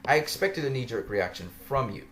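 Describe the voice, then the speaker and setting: A man's voice: medium pitch, sing-song, a little fast, fairly bright tone, slight background noise. A man vlogging a ranting commentary, argumentative and mocking, laughing often as he makes his case.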